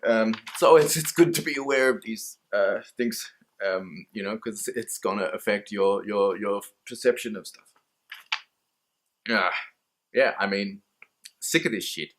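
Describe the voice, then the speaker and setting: A man's voice: fairly low pitch, a little slow, fairly bright tone, slight background noise. A man with an Australian accent, talking candidly to camera in a rambling, casual monologue, swearing freely and laughing at himself. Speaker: mental health vlogger.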